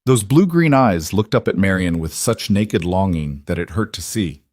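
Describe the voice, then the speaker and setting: A man reading a romance story aloud as scripted narration, steady and even. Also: low voice, moderate pace, no echo, clean studio sound. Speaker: audiobook narrator.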